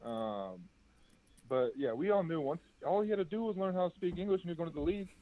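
A man's voice: a little high, lively intonation, fast talker. A young man, a former college basketball player, answering interview questions in a laid-back, chatty way full of fillers. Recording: tinny phone-like line, dry.

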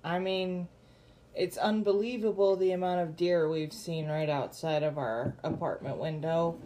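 A woman co-hosting a podcast in casual chat, hesitant and filling pauses with "um". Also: lowish voice, fairly even intonation, mellow. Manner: slow, hesitant, many ums. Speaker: podcast co-host.

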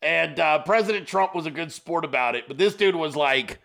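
A male host giving excitable, profane political commentary, laughing often as he talks. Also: fairly high pitch, moderate pace, creaky. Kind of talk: casual commentary.

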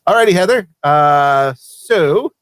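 A man from Vermont hosting a casual live show, easygoing and quick to laugh. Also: on the high side, expressive, fairly bright tone, clean tone, dry recording. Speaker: show host.

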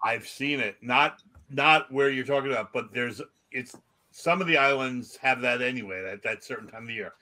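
A man's voice: mid-range voice, normal speed, sharp tone. A man co-hosting a casual comedy podcast, reading strange news stories aloud with jokey asides. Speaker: podcast co-host.

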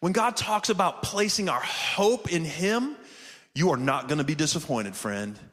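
A very animated male pastor speaks at a measured pace in a higher, fairly bright voice, heard with a big-room sound. In his church sanctuary, which is also streamed online, he preaches conversationally and invites responses from the pews and from online viewers.

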